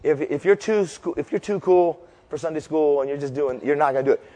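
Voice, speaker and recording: Speaking fairly quickly in a voice on the high side, a pastor delivers a sermon to a live audience in a large hall. He tells jokey stories with animation and leads a crowd cheer, all with long hall reverb.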